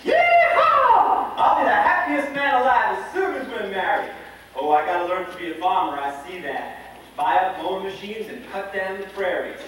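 An actor playing a cocky cheerful cowboy. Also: male voice, sits high, expressive, moderate pace, a bit bright, a little hiss or hum. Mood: warm courting. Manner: boisterous, joking, swoops up on exclamations. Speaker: stage actor. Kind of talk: amateur stage musical acting. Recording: echoey stage hall, far-off mic.

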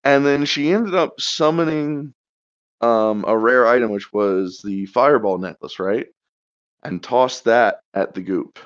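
A man's voice: mid-range voice, a little slow, clean tone, no room sound. A man, the game master, casually recapping a tabletop game and checking details with his players. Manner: easygoing, laughs and checks facts with the players. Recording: slightly muffled dry recording.

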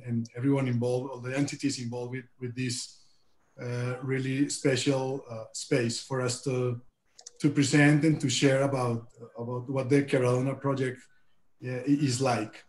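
A man from Colombia with a Colombian Spanish accent, giving a careful, halting webinar presentation over a video call with many repeated words. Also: medium pitch, darkish tone, echoey room. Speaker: guest speaker.

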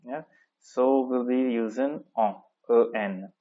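A man's voice: medium pitch, slow pace, narrow, tinny audio. A male French teacher explaining grammar step by step in a patient classroom manner, often checking in with the listener.

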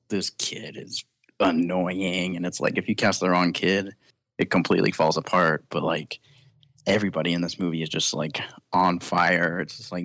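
A man's voice: deep voice, fairly bright tone, no echo, clean studio sound. A young man hosting a casual film podcast, enthusiastic and laughing often as he talks. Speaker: podcast host.

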